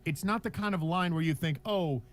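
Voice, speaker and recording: Young man ranting, fairly high voice. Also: fast. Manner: profane, animated ranting with frequent restarts. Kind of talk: casual ranting commentary.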